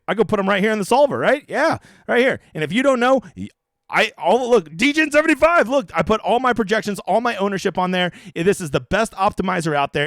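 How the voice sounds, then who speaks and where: A man hosting a fantasy golf strategy breakdown in a loose, fast, profane way, with quick side remarks. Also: high-pitched, fairly bright tone, dry recording, studio quality. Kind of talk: casual screen-share breakdown.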